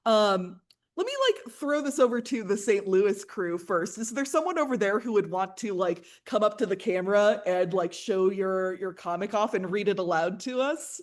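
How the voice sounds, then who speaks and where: A woman's voice: medium pitch, lively intonation, normal speed. A woman workshop instructor playfully narrating her comic aloud, with laughs between lines.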